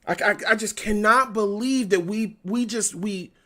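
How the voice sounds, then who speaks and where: A man's voice: high voice, unhurried, sharp tone. A man hosting a live fan stream, reacting to a football game, venting his frustration and reading out chat messages. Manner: exasperated, venting, reads chat aloud. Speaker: fan livestream host.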